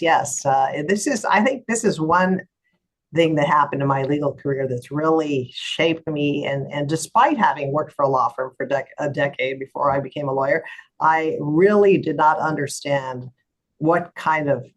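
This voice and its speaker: Husky-voiced woman telling a lively story. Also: deep voice, rough recording. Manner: animated retelling, acts out other voices. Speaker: lawyer and guest. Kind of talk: storytelling in an interview.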